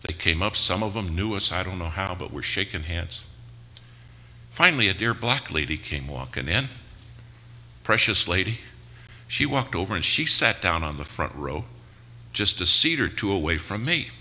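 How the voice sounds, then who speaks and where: An older man who is a guest preacher, telling a story in a sermon at a church in a folksy, animated way. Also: sits low, moderate pace.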